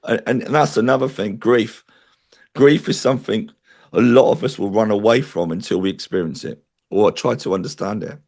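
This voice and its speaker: A man's voice: on the low side, a little fast, creaky, darkish tone. A man interviewed as a spiritual medium, talking in an earnest, chatty way and telling stories. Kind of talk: interview conversation.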